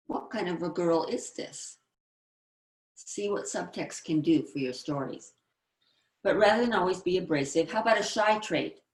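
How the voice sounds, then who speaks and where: A woman's voice: on the low side, animated, a little slow, echoey room. A woman giving a screenwriting presentation, explaining tips and reading out example lines. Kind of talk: instructional presentation.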